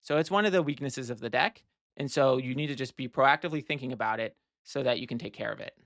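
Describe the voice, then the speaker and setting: A man's voice: medium pitch, fast, a bit bright, no room sound, studio quality. A man walking through a card game match, explaining his plays step by step and thinking aloud with restarts and fillers. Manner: explanatory, plans moves step by step. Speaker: card game strategy teacher. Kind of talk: casual gameplay walkthrough.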